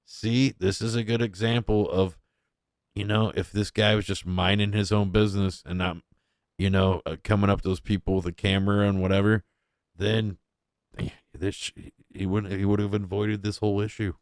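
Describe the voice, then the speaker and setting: Blunt, mocking man with a low voice. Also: little pitch movement, moderate pace, no room sound, studio quality. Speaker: streamer reacting to clips. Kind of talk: casual crude commentary.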